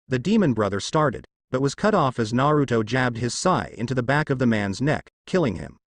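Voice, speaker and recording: Guy reading a fan story out loud, lively up and down voice, dry close mic. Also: medium pitch, brisk, no echo. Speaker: narrator.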